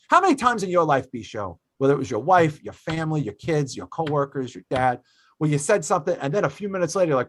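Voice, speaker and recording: A man in his thirties hosting a podcast, telling a story in an animated, profane way, swinging between loud and quiet. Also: a little high, fast talker. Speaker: podcast host. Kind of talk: casual podcast chat.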